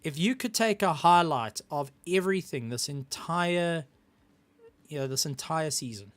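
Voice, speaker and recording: A man with a South African accent hosting a sim racing broadcast, interviewing drivers after a race and building up excitement. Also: fairly high pitch, unhurried. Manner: hyped, building up excitement when introducing the winner.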